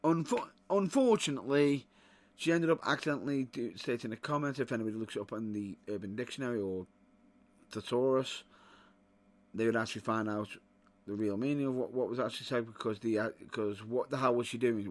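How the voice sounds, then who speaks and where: A man hosting a podcast and ranting in exasperation, rising to loud outbursts. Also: medium pitch, fairly quick. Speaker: wrestling podcast host. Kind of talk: opinionated commentary.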